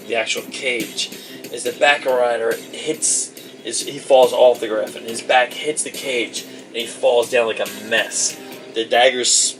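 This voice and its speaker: A man narrating as game master of a tabletop game, describing scenes in a rambling way with many fillers. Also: medium pitch. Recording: distant mic with clear background noise.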